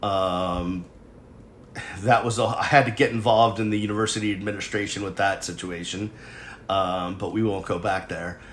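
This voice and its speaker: A man's voice: low voice, fairly even intonation, normal speed, echoey room, slight background noise. A man in his forties from New England, hosting his show and telling a long personal story in a digressive, conversational way with self-deprecating asides. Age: 40s. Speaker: show host. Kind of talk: casual storytelling monologue.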